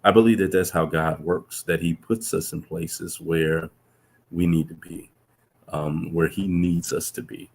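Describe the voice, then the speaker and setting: A man's voice: steady tone, unhurried, darkish tone. A man, a professor, telling reflective stories in a casual conversation, earnest and full of restarts. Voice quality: deep gravelly voice. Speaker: professor, guest.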